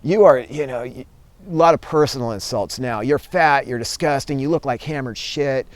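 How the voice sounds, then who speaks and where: A man voicing a bitter, angry heckler who hurls insults in a smooth, dry voice. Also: mid-range voice, moderate pace, dry recording, natural voice. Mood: hostile. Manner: insulting, sneering.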